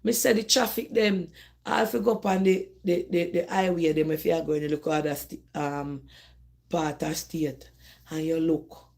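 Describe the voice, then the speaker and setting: A woman's voice: low voice, steady tone, moderate pace, creaky, a little mellow. A middle-aged woman from Jamaica with a Jamaican accent, hosting a live phone stream and talking animatedly straight to her viewers, often repeating herself and restarting. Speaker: host of a live call-in discussion. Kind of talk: casual live-stream talk.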